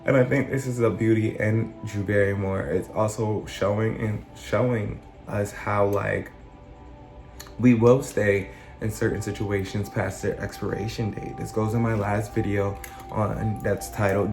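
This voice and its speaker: A man's voice: lowish voice, little pitch movement, measured pace, a little mellow. A man giving a casual, reflective commentary on song lyrics as a life coach, explaining ideas through everyday examples. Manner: reflective, explains with examples, paraphrases lines in an imagined speaking voice. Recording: roomy echo with faint background music.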